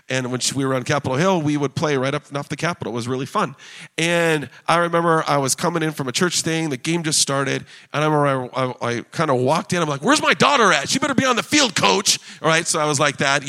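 Lively pastor preaching casually. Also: male voice, mid-range voice. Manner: conversational, storytelling, bursts of excitement. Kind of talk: sermon.

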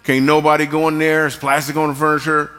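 A man's voice: a little high, little pitch movement, quick pace, pushed and bright, clear, resonant tone. A man giving a playful, jokey talk to a live church audience, teasing the band between stories. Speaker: church speaker and comedian. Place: large church auditorium. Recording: long hall reverb.

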